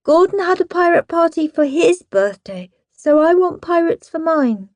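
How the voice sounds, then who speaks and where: A woman's voice: very high-pitched, animated, normal speed, a little mellow, dry recording, voice pushed up. A woman reading an audiobook, voicing a prim, tattling little boy. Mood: prissy. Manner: prissy, tattling.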